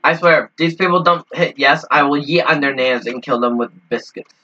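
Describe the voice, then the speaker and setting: Brief: excitable young male gamer host, slightly high voice, low-fi headset sound. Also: brisk, far from the mic, highs cut off. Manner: excitable, trash-talking, squeaky outbursts. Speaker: gaming channel host. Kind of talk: casual gameplay banter.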